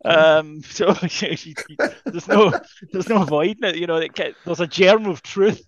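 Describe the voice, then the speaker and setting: A man's voice: fairly high pitch, moderate pace, dry recording. A man co-hosting a casual chat, telling rambling stories with plenty of swearing. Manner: profane, rambling storyteller. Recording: dull lo-fi sound.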